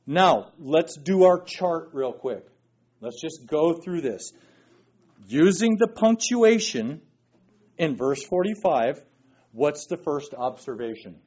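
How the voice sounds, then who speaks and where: Taking it slowly, a Bible study teacher with a slightly high, somewhat mellow voice and lively intonation runs an interactive lesson. He emphatically quizzes his class, often asking "okay?", with the audio captured in an echoey room by a distant, dull mic.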